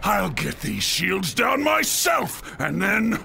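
Parasite: a gravelly starving villain. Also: male voice, high voice, wildly swooping pitch, full character voice. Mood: hungry menace. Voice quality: gravelly, drawn-out growl. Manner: menacing, hungry shouting. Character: ravenous hulking male energy-draining supervillain. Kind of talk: video game voice acting. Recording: game audio with music behind.

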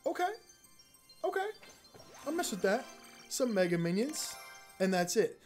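A man giving chatty, excitable, slangy commentary while playing a mobile game, with sarcastic asides. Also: high-pitched, measured pace. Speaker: gaming YouTuber. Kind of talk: casual gameplay commentary. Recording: game music behind the voice.

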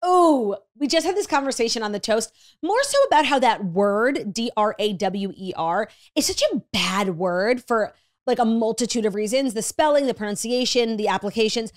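A young woman from Long Island with a faint Long Island accent and some vocal fry, chatting as a podcast guest and poking fun at herself. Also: a little high, lively intonation, normal speed, no echo, studio quality. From Long Island, New York. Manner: chatty, self-deprecating. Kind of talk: casual chat.

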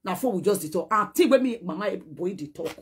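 Speaking briskly in a slightly rough, medium-pitched voice with lively intonation, a Nigerian social media personality delivers a heated message on camera. By turns she scolds and begs, mixing Pidgin with a local language.

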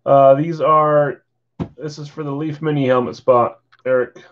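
A man's voice: fairly high pitch, steady tone, unhurried. Guy hosting a card break stream, chatty, calling bids, kinda dull lo-fi audio. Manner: casual, chatty, runs bids aloud. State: yawning, tired. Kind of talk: live-stream auction chat.

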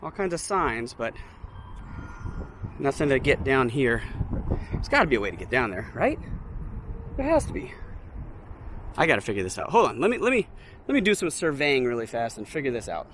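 An excited man talks his viewers through a walk by an old steel bridge, chatty and a bit breathless from the heat. His voice sits at an ordinary middle pitch, picked up on a handheld mic. Faint outdoor noise runs underneath. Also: brisk. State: slightly out of breath. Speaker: vlogger visiting a film location. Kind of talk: casual walking vlog to camera. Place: outdoors by a steel bridge in hot dry hills.

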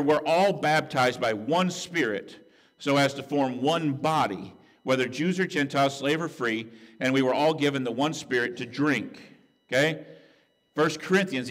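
A man preaches from the pulpit in an earnest, conversational manner, checking in with his listeners as he goes. His delivery moves between hushed, reflective stretches and raised, emphatic peaks. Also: mid-range voice. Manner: earnest, conversational preaching with "right?" and "okay?" asides. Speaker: pastor. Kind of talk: sermon.

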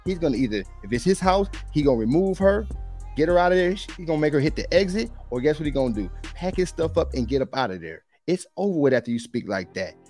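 A man's voice: on the high side, animated, fast, a little mellow, faint music behind. A man hosting a podcast, reacting to clips in a blunt, preachy way. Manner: blunt, preachy, repeats and quotes. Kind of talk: reaction commentary.

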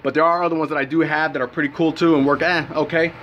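A man's voice: a little high, little pitch movement, fast talker, muffled recording, a little hiss or hum. A young man giving a brash, profane supplement review in a casual vlog, telling his story with lots of animation.

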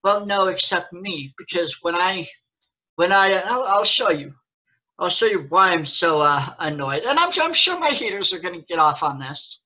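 A man's voice: high voice, expressive, moderate pace, bright, forceful tone, dull audio. A man ranting angrily and sarcastically to his viewers, swearing often and restarting his sentences. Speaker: vlogger. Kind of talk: angry rant to camera.

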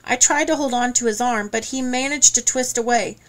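Woman narrating an audiobook, higher voice. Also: fairly quick. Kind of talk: scripted first-person narration.

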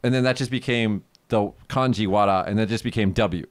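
A man's voice: on the low side, fairly quick, slight background noise. A young man co-hosting a casual chat, asking questions and giving long explanations. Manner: explains at length, asks follow-up questions. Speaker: co-host.

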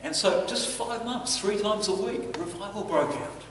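A man preaching a sermon as pastor, telling stories in an animated way and chuckling between lines. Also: sits high, moderate pace, slight background noise. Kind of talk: storytelling sermon. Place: church hall. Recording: echoey church hall from a distance.

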